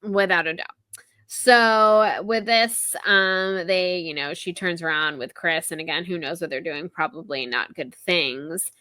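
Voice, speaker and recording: Young woman, podcast host, casual book recap, animated retelling, bright tone, dry sound. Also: lowish voice, a little slow, no echo. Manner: chatty, heavy use of "like", animated retelling.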